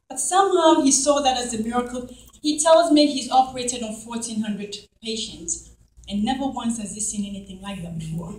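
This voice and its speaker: A middle-aged woman tells her testimony to a congregation, in a fairly high voice. She is animated and acts out each person in her story. She is heard from a distance in a roomy, echoing hall. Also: normal speed. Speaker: church member giving testimony. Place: church hall. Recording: echoey hall, from far off.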